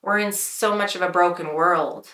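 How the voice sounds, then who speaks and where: A woman's voice: on the low side, fairly even intonation, moderate pace, pushed and bright. A woman hosting a faith podcast, speaking with emphatic conviction. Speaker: podcast host. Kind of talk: casual faith talk. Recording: roomy echo.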